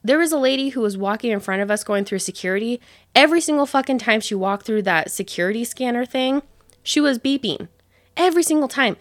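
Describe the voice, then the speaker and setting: A woman's voice: fairly high pitch, animated, brisk, no room sound, studio quality. A woman in her thirties telling a rambling, casual story, swearing freely and filling with "like". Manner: rambling, profane, many fillers.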